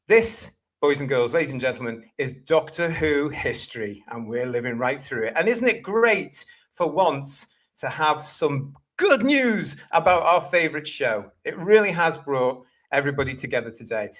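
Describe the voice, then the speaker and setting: A man's voice: on the high side, animated, moderate pace, few pauses, fairly bright tone. A British man hosting a live-streamed fan show, upbeat and reading out chat messages. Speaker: host.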